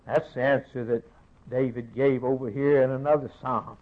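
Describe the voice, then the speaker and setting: A man preaching a sermon in a declamatory way, rising to loud questions and falling back to a hushed close. The recording is narrow and tinny, like it came down a phone line. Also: steady tone, moderate pace. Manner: declamatory, swelling to raised rhetorical questions then dropping low.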